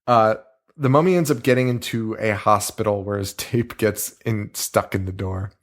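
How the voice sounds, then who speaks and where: Man, podcast co-host, casual movie review chat, animated, swears a lot. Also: fairly low pitch, normal speed. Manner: animated, swears freely, acts out scenes with silly voices.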